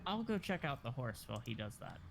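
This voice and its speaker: A man's voice: mid-range voice, sing-song, fast talker, vocal fry. Male tabletop player, offhand and profane, thinks aloud, hiss audible on the track. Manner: casual, swears, thinks aloud. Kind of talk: casual tabletop play.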